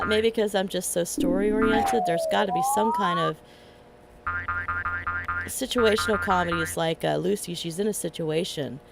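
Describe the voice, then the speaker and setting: Over game music, a middle-aged woman streams a game and chats casually, rambling along and laughing often. Her voice is fairly low with vocal fry, and the recording quality is low.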